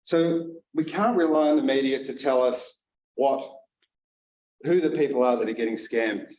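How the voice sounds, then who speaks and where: A man giving a humorous contest speech in a middle-pitched voice, throwing in wry, deadpan asides. He sounds echoey and far from the mic, as if on a stage in a big hall. A faint rumble sits underneath.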